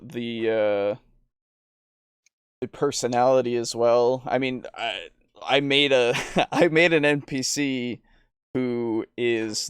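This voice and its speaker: A man's voice: mid-range voice, clean tone, dry recording, clean studio sound. A man co-hosting a tabletop gaming podcast, talking casually in a rambling way with frequent laughs. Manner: rambling, with fillers and restarts, laughs often. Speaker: podcast co-host. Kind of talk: casual chat.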